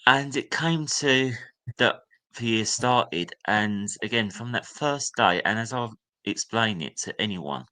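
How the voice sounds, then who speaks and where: A young man recounts his schooldays in a candid, storytelling way. His voice sits fairly low but sounds bright and forward. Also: expressive, unhurried. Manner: candid, reliving memories, acts out a teacher's sneering voice. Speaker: guest. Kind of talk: personal storytelling.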